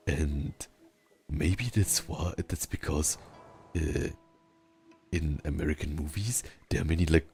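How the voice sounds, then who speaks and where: A man with a Southern German accent and a rolled R, a native German speaker chatting casually while streaming a game, talking slowly with long pauses. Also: a little mellow. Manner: slow, rumbly speech with long pauses. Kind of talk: casual chat while gaming.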